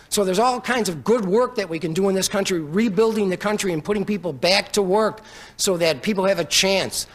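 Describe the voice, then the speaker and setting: A man's voice: high-pitched, a bit bright. A man running for president who talks in a rambling, digressive way, jumping between schemes and showman bits. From United States. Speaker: presidential candidate. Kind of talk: rambling campaign speech.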